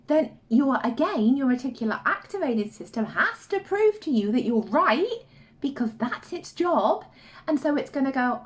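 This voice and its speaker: A woman vlogging self-help advice in an animated, expressive way. Her voice sits a little high and swoops widely as she slips into the inner voices she is quoting. It sounds casual and conversational, like talking straight to camera. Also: unhurried. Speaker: life coach vlogger.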